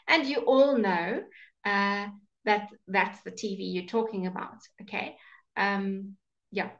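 Slow, patient woman teaching grammar. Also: mid-range voice, a bit bright. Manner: slow, patient, explaining with repeated "okay?" checks. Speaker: English teacher. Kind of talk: live online grammar lesson.

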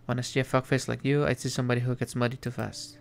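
A man voicing a crude male devil on a train, low and gravelly, talking slowly. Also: flat delivery, close to an everyday voice. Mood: drawling. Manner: slow, crude, drawling.

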